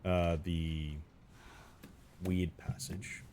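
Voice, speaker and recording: A man's voice: drawn-out words, slight background noise. A man live-streaming a game, chatting casually with viewers, greeting them by name and laughing and swearing easily. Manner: chatty, greets viewers by name, bursts of excited rising pitch.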